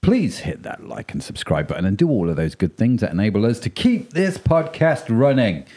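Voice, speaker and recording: A man's voice: on the low side, sing-song, normal speed, dark tone. A man co-hosting a podcast in a chatty, playful, rambling way. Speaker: podcast co-host. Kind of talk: casual chat.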